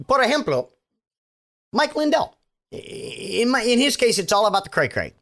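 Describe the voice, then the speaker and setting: A male comedy podcast host with a fairly high voice, chatting loosely and offhandedly and dropping casual profanity. Faint music sits under his talk. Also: sing-song, normal speed, long pauses, a bit bright.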